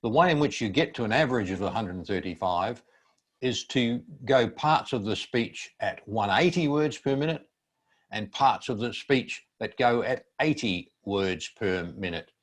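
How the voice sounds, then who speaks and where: An older man teaching a student seminar, explaining speaking skills in a measured, instructive way. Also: on the low side, animated. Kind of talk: seminar presentation.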